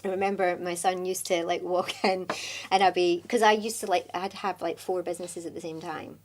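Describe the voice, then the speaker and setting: A woman's voice: on the low side, fairly even intonation, a little fast. A middle-aged woman with a Scottish accent, a guest in a casual interview, talking candidly and laughing often. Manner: chatty, candid, laughs often, restarts sentences. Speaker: podcast guest, business owner.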